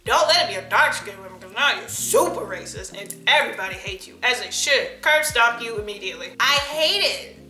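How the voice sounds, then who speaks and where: A woman's voice: on the high side, expressive, a little fast, few pauses, pushed and bright. A young woman, ranting bluntly and sarcastically through a casual list video. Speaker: vlogger. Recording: echoey room with faint music.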